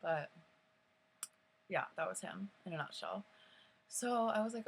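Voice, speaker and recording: Gravelly young woman rambling. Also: mid-range voice, normal speed, pauses often, fairly bright tone, low-quality recording. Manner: rambling, many fillers, frequent swearing. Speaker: vlogger. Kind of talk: casual storytime.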